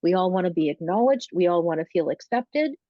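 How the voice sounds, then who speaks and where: A woman co-host speaks earnestly and with emphasis at a middle pitch. Her sound is dull and lo-fi, as over a video call, and completely dry with no room. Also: animated, a little fast, no room sound. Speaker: podcast co-host. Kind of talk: casual conversational talk.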